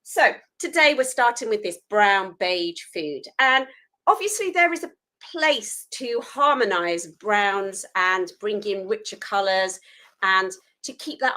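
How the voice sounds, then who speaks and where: A woman's voice: mid-range voice, sharp tone, poor audio. A woman hosting a live food photography tutorial, chatty and self-deprecating while she works hands-on.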